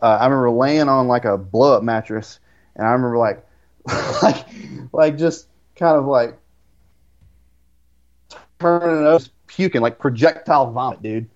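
A man's voice: mid-range voice, normal speed, long pauses. A young man who is a guest on a podcast, speaking in a middling voice over a slightly dull, lo-fi line. He chats casually and fills his speech with "like" and restarts. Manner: filler-heavy, says "like" constantly. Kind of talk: casual chat.

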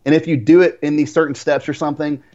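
A man's voice: on the high side, steady tone, quick pace, mellow, muffled recording. Young guy guest, "like" every other word. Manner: filler-heavy, says "like" constantly. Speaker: podcast guest. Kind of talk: casual chat.

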